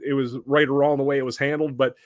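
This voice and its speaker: A man hosting a podcast, telling a story casually with many restarts and animated impressions of the people in it. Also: medium pitch, fast, no room sound, studio quality. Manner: animated, acts out other people in raised voices; conversational with frequent restarts. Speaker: podcast host.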